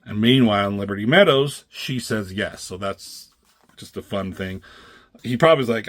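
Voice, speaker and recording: A man's voice: on the low side, moderate pace, no echo. A man reviewing comic strips in a casual, rambling chat, swearing freely and acting out characters' lines in raised voices.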